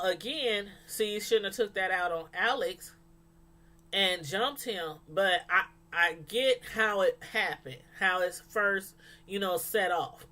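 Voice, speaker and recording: A woman reviewing a TV show in casual chat, rambling, animated and full of fillers. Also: mid-range voice. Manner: animated, acts out quotes from the show; loose, rambling delivery with many fillers.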